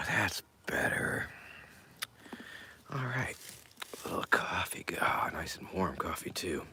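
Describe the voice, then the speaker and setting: A man's voice: low voice, expressive, slow, creaky, long pauses, pushed and bright. A man hosting a casual live-stream show. He rambles in an offhand way, with lots of fillers, and often drops to a mutter or a whisper. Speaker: show host.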